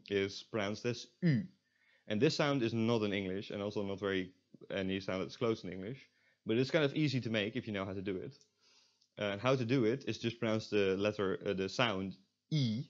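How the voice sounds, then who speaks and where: Man teaching a language lesson, lo-fi. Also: fairly low pitch. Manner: explanatory, with frequent filler pauses. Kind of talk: recorded online language lesson.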